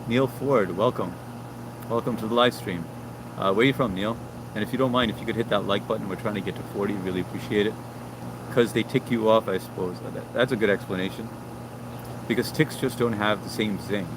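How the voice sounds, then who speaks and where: A man's voice: lowish voice, fairly quick, background noise. A man hosting a casual live stream outdoors, reading viewer comments aloud and chatting in a laid-back way. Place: outdoors near a yard with brush.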